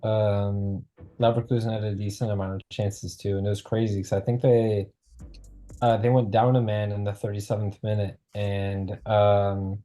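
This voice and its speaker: A man's voice: fairly low pitch, level tone, moderate pace, mellow, faint music behind. A man on a football panel, giving a rambling match recap full of fillers. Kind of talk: casual football chat.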